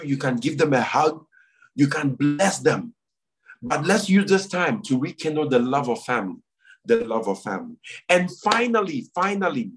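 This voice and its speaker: A man's voice: fairly high pitch, breathy edge, low-quality recording. A man pastor leading prayer and giving church announcements, earnest and repeating phrases for emphasis.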